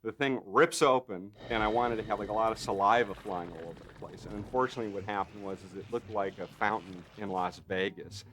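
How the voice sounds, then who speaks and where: Animated low-voiced man telling stories. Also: fairly quick, few pauses, slight background noise. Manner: lively storyteller who acts out quotes; frequent fillers and tag questions. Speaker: special effects artist. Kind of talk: anecdotal interview.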